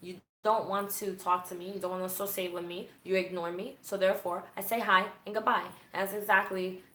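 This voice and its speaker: Sarcastic, animated woman hosting a livestream. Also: medium pitch, a little fast, roomy sound. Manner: candid, sarcastic, animated storytelling. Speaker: host of a livestream on leaving a church group. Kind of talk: casual livestream chat, reading viewer comments.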